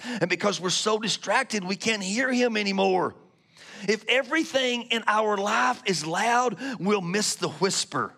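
A man preaching a Pentecostal sermon, calling out to the congregation and swinging from loud shouts to hushed whispers. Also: high-pitched, a little slow, gravelly. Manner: calls out to congregation. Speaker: pastor.

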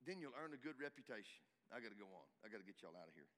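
Pastor preaching in a reverberant hall. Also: male voice, lowish voice, big pitch swings, racing. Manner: emphatic preaching with big swings from shouting to hushed. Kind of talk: sermon. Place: church hall.

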